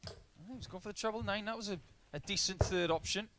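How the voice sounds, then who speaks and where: A man's voice: sits high, fast. A man giving live darts commentary, breaking down averages, doubles and shot choices as play unfolds. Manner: analytical, stat-heavy play-by-play. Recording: noisy line with clicks.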